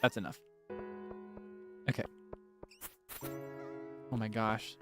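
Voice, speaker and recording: A young man streams a game over background music, chatting casually and a bit nervously as he scolds the on-screen monsters and laughs at himself. His voice sits on the low side, with a steady tone and slow pace, in the manner of casual gameplay commentary.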